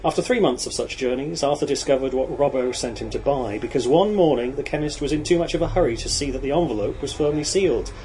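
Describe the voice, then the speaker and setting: A man reads a novel aloud at a steady, measured pace. His voice sits at an ordinary middle pitch. A faint hiss runs under the recording. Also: low-quality recording. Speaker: audiobook narrator.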